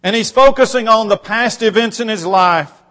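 A man with a high, somewhat bright voice preaches a sermon at a moderate pace, reading scripture aloud and pressing home his points. He speaks emphatically, his voice rising and building on repeated phrases. The recording carries a long hall reverb.

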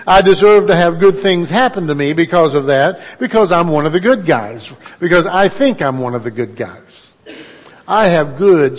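A man's voice: high-pitched, in a large hall. A middle-aged man, preaching a conversational sermon in a folksy, storytelling way and putting questions to his listeners.

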